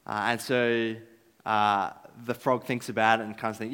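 A man's voice: on the low side, little pitch movement, moderate pace, a bit bright, clean tone. A man giving a casual, filler-filled talk about trust at a church gathering. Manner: casual, chatty with many fillers. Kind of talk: sermon-style talk. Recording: echoey hall.

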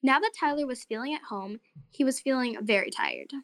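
A woman narrating a children's story and hosting a short segment, in an expressive, friendly way. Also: high voice, fairly quick, no echo, clean studio sound.

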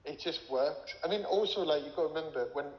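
A man's voice: fairly high pitch, quick pace. Rambling man in an echoey room. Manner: rambling, frequent swearing and filler words. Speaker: interview guest, former music manager. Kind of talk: casual storytelling. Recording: echoey room with long reverb, dull lo-fi sound.

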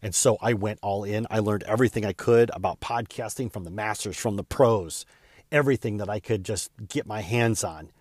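Earnest low-voiced man telling a story. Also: darkish tone, no echo, studio quality. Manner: earnest and heartfelt, speeding up and slowing down with emotion. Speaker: real estate agent and podcaster. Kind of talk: personal storytelling.

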